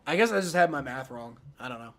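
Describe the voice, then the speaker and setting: A man hosting a live football reaction stream, rambling excitedly and talking straight to his chat. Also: mid-range voice, fast. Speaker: livestream sports reaction host. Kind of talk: live game reaction commentary.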